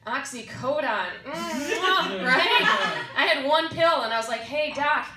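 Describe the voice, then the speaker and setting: A woman's voice: high voice, lively intonation, measured pace, echoey room, far from the mic, over a noisy crowd. A woman doing a stand-up set, brash and laughing at her own jokes. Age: 20s. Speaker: stand-up comedian. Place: comedy club stage. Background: audience laughter.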